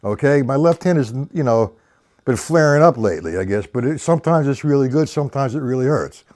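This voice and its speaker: A man's voice: medium pitch, expressive, a little fast, a little mellow. An older man giving a casual, rambling live-streamed drum lesson, counting beats aloud as he explains technique. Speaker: drum teacher.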